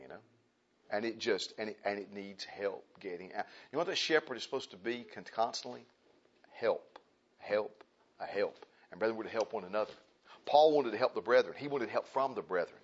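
Husky preacher. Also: male voice, on the low side. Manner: folksy preaching, repeats phrases, asks the congregation questions. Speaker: Baptist pastor. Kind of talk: sermon. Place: church sanctuary. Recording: dull lo-fi church recording.

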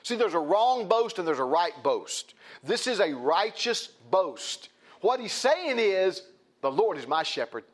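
A man's voice: high voice, very animated, measured pace. A man preaching a sermon, emphatic and repetitive, often restarting his phrases.

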